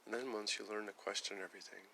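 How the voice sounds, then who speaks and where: A man's voice: on the low side, steady tone, fast, gravelly, sharp tone, a little hiss or hum. A young man rambling on a casual livestream, part spiritual preaching, part chatting with viewers. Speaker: livestream host.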